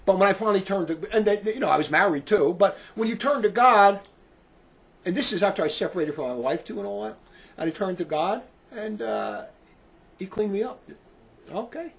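A man in his sixties preaches in a high, lively voice that leaps up and down. He talks with fiery passion, sinking into low quiet remarks and then rising to shouts. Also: fairly quick. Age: 60s.

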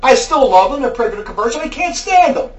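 A man's voice: very high-pitched, sing-song, fast, far from the mic. A man giving an angry, preachy monologue aimed at a viewer, scolding him and repeating taunts. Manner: berating, preachy, repeats taunts like "buddy boy". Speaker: religious commentator.

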